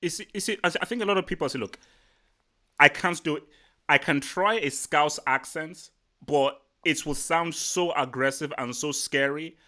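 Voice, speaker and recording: Talking at a moderate pace in a slightly high voice, this livestream host rambles through a casual football chat. He's animated and keeps repeating himself.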